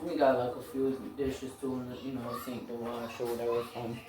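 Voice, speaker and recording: A tired young mother with a drawl rambles through a casual chat with her viewers, full of fillers. Her voice bounces around an echoey kitchen, and a steady noise hums underneath. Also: extremely low pitch, a little fast. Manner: rambling, talks to viewers as y'all, lots of fillers. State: tired, yawning. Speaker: vlogger, mom. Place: home kitchen. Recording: echoey room with background noise.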